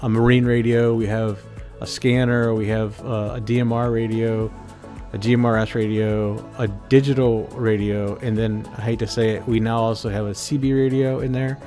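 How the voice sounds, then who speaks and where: A man's voice: fairly low pitch, moderate pace, faint music behind. A man hosting a ham radio channel, casually walking through his setup with lots of fillers and restarts. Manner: relaxed, many fillers and restarts. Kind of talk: casual walkthrough narration. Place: inside a trailer, walking around. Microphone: phone.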